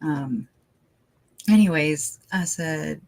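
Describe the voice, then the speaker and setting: Rambling, animated livestream host. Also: medium pitch, extremely slow, creaky, rough recording. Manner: rambling and animated, with frequent laughs and fillers; talks loud when worked up. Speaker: true crime livestream host. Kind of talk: casual livestream talk.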